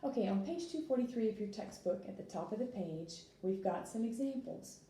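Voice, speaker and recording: A woman's voice: mid-range voice, expressive, brisk, dark tone. A woman teaching a recorded French lesson, explaining patiently step by step with fillers. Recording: echoey room, distant mic, faint noise.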